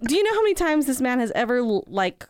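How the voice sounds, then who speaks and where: A woman's voice: high voice, very animated, fast, a little mellow, clean tone, dry recording. A woman co-hosting a podcast, chatting and teasing casually with plenty of filler words. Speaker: podcast co-host. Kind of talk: casual chat.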